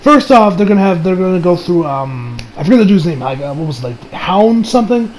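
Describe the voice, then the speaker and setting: A man's voice: sits high, very animated, brisk, a little mellow, a little hiss or hum, low-quality recording. A young man reviewing an anime episode in casual chat, rambling with restarts and swearing freely.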